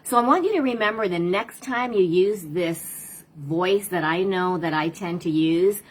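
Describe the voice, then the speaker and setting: A woman's voice: on the low side, a little slow, slight background noise, low-quality recording. A woman parent coach talking casually to viewers on a live stream, asking rhetorical questions and replying to comments.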